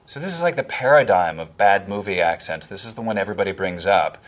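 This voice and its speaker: A man commenting as an accent coach on film performances, analytical and expressive. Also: low-pitched, fast talker, a little hiss or hum.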